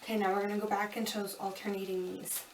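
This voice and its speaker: A woman's voice: mid-range voice, level tone, quick pace, very noisy. A woman fitness instructor giving upbeat, chatty coaching cues during a home kickboxing workout, a bit out of breath. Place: home room. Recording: echoey room from a distance.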